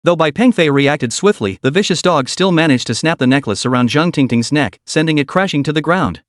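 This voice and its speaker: A man giving scripted narration of a comic story with an animated storytelling manner. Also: fairly high pitch, fairly quick, no room sound, clean studio sound.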